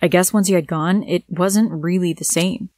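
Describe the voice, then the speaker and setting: Woman reading a gentle young man. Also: lowish voice, fairly even intonation, moderate pace, dry recording, close to an everyday voice. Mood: friendly. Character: friendly young man, soft-spoken.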